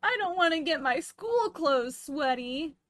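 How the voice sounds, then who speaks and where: A woman acting out a small teenage boy in a read-aloud fan story, bright and bouncy with a voice that leaps all over. He is eager, whiny and quick to bristle, captured close and dry. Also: high voice, big pitch swings, dry recording, exaggerated voice. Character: small energetic teenage boy volleyball player.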